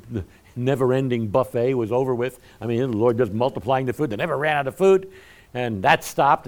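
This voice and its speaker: A man preaching a sermon in a folksy, conversational way, often swinging from quiet asides to loud emphatic lines. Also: medium pitch.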